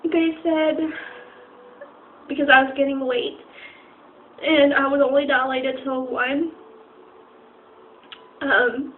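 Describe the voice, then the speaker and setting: A young woman telling a personal story on a vlog, halting and often near tears, with many fillers and restarts. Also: high voice, fairly even intonation. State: crying at times. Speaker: vlogger. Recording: tinny phone-like recording with faint noise.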